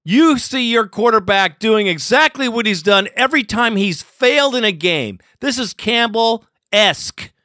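Male podcast host, furious cursing fan rant, bright forceful voice, dead-dry booth. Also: sits high, animated, unhurried, few pauses, no echo. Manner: profane and furious, swearing constantly. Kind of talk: angry postgame rant.

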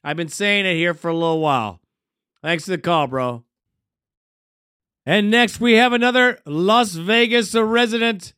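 A man's voice: sits high, unhurried, pauses often, pushed and bright, clean tone, dry recording, studio quality. A man hosting a sports fan call-in show, laid-back and chummy, calling callers bro and man. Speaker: radio show host.

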